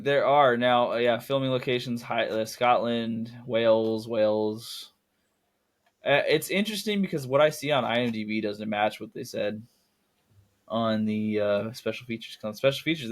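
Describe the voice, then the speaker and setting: Medium in pitch and normal in pace, this young man's voice belongs to a co-host of a laid-back film podcast. He tends to wander off track, revise what he's saying, and chuckle at his own humor.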